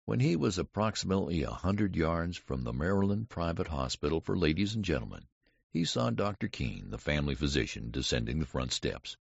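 Audiobook narrator, man, deep husky voice, dry dull lo-fi sound. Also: no echo. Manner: expressive, wide-ranging storytelling.

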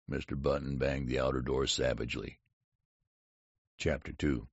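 Very deep, gravelly male audiobook narrator. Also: fairly quick, no echo. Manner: lively, character-voiced reading. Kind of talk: scripted narration. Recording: dry, slightly dull audiobook recording.

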